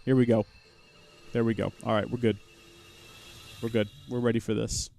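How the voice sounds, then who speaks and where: A man's voice: medium pitch, normal speed, creaky. A man hosting a livestream of a video game, talking into a headset with joking, sarcastic asides. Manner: animated, jokey, sarcastic asides. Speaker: gaming livestream host. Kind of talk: let's play commentary.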